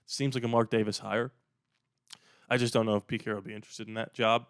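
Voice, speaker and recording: A man's voice: lowish voice, flat delivery, fast talker, clean tone, dry recording, clean studio sound. A man hosting his own sports channel, giving casual, emphatic opinion commentary in a conversational way. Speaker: YouTube sports channel host.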